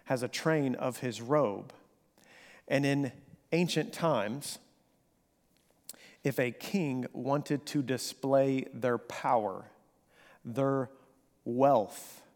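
A man preaching a sermon, swinging from hushed, slow passages to animated, emphatic bursts. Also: mid-range voice. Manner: dynamic preaching, drops to near whisper then rises to animated emphasis. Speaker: pastor. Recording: long hall reverb.

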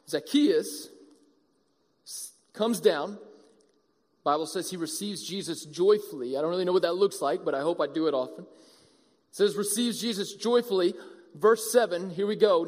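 A man preaching a sermon as pastor, animated and acting out the voices of a crowd. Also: high voice, normal speed. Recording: long hall reverb.

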